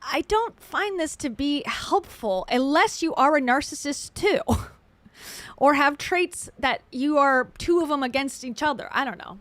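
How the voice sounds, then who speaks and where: A woman's voice: sits high, expressive, unhurried, no room sound. Wry, skeptical woman commentator. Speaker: commentary host. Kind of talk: reaction commentary.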